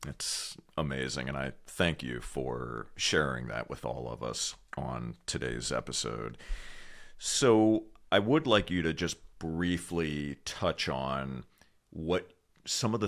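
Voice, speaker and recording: Very deep slow-talking male host. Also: fairly bright tone. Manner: measured, supportive. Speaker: podcast host. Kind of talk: interview questions.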